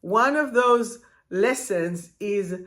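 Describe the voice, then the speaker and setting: A woman spiritual life coach talking live to her viewers, expressive and direct, drawing out her words and asking them questions. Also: medium pitch, slow pace. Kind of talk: live-stream talk to viewers.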